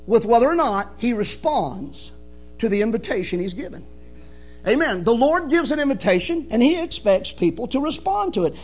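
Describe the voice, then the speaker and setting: A man preaching a sermon in a fervent, emphatic way, swinging from soft to loud. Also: extremely high pitch. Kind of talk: evangelical sermon.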